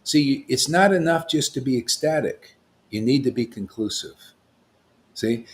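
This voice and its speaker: A man's voice: mid-range voice, unhurried. A man giving an informal spiritual talk as a teacher, rambling and often checking in with "see?" and "you know.".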